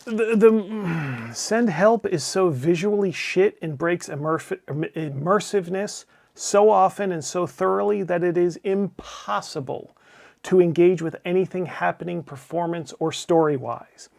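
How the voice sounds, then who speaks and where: A middle-aged man reads his own scripted movie review as the host of his channel, slightly high in pitch. He is blunt and profane, tossing off wry asides as he goes. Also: measured pace, vocal fry, darkish tone. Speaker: channel host, game publisher. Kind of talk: scripted opinionated film review.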